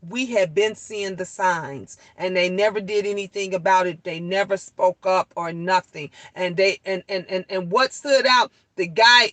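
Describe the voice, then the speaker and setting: A middle-aged woman tells viewers a story in a casual, animated way. She curses freely and repeats lines for emphasis. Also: medium pitch, no room sound, low-quality recording. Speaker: vlogger.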